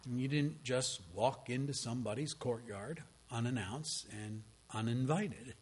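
A man, a pastor, preaching a sermon with dramatic storytelling delivery that swings between hushed tones and strong proclamation. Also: mid-range voice, measured pace, husky.

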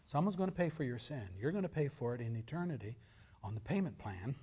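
A male pastor preaching a sermon, swinging from loud emphasis to near whispers. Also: medium pitch, expressive, quick pace, breathy edge.

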